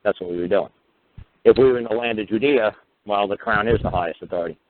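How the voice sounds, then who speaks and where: A man's voice: on the low side, quick pace, slight background noise. A man telling courtroom stories in a casual radio monologue, swearing freely and acting out both sides of each exchange. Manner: profane, animated storytelling, acting out court exchanges. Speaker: radio talk show host. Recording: tinny phone-line radio audio.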